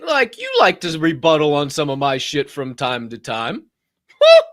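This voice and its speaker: A young man co-hosting a podcast, telling stories loudly and swearing freely in casual chat. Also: fairly high pitch, moderate pace, no echo, studio quality. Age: young adult. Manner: loud, animated storyteller, swears freely. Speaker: podcast co-host. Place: podcast studio.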